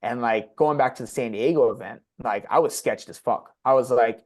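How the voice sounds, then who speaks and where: Young male podcast guest, confessional and unpolished, swears freely, mid-pitched voice. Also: moderate pace. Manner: blunt and profane, heavy use of "like". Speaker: podcast guest sharing his story. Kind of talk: candid personal storytelling.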